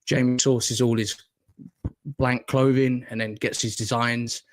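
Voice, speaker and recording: A man's voice: mid-range voice, little pitch movement, measured pace. Man with a northern english accent, podcast host, rambling, sweary, self-mocking, casual chat. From Northern England.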